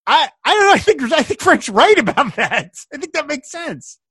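A man co-hosting a casual chat, animated and laughing often as he retells scenes. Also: very high-pitched, normal speed, no echo, clean studio sound. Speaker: podcast co-host. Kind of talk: casual chat recapping a TV episode.

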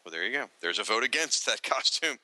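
A man reads out listener mail on a podcast in a chatty, loose way, laughing easily and restarting his sentences. His voice is very bright and swings widely in pitch. The sound is dry and close to the mic. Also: expressive, quick pace, no echo, poor audio. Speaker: podcast co-host reading listener comments. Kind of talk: casual podcast chat.

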